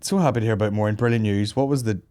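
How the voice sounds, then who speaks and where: A man's voice: lowish voice, racing, mellow. A man hosting a comedy podcast, chatting casually, joking crudely and swearing freely. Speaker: podcast host.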